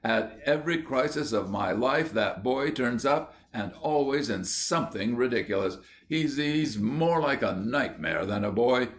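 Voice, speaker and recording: A man's voice: mid-range voice, expressive, unhurried, few pauses. A man voicing an exasperated young adult older brother who bursts out in flustered, desperate lines, in an audiobook reading. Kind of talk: audiobook character voice.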